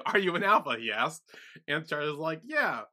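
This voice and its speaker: A man's voice: a little high, very animated, a little slow, pushed and bright. A man co-hosting a podcast recap in casual chat, retelling scenes and quoting characters. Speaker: podcast co-host.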